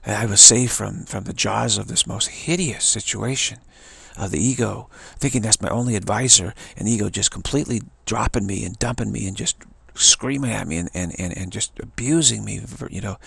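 A man with a low, heavily gravelly and husky voice gives an earnest spiritual talk. He tells it like a story and circles back over his phrases for emphasis. The sound is close and dry. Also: a little fast, a bit bright, no echo. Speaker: spiritual teacher.

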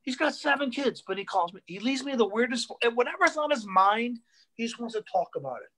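A male stand-up comedian telling animated stories on a video call, repeating himself and acting out voices. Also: very high voice, fairly quick. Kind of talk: comedic storytelling on a live online show.

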